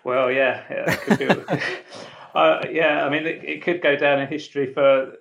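A man's voice: fairly high pitch, fairly even intonation, unhurried, gravelly, fairly bright tone, slight background noise. A man in his forties being interviewed as a guest, friendly and hesitant, often repeating words as he talks. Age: 40s. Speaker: guest, business founder. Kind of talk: casual interview.

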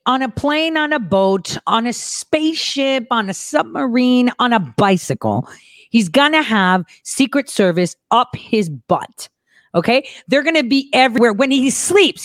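Female host for reaction commentary, sarcastic and mocking, lively pitch, dry recording. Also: dry recording. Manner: sarcastic, animated, mocking impressions. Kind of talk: reacting to news clips.

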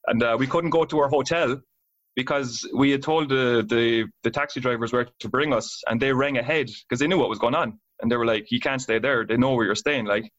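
An Irish guitarist and singer in his thirties, appearing as a guest, tells tour stories casually, swearing a lot and laughing as he goes. His mid-range voice is fairly bright and fairly quick, and the recording has a dull, lo-fi quality.

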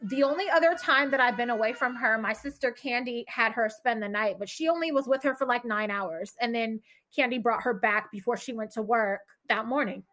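A woman talks through a personal story on a casual podcast. Her voice sits high and sounds bright and clear. She speaks candidly and swears freely. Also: a little fast, hardly any pauses. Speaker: podcast co-host. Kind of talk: casual chat.

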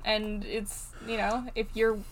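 A woman co-hosting a podcast, chatting in a relaxed, agreeable way. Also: medium pitch, takes it slowly, slight background noise, poor audio. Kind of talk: casual chat.

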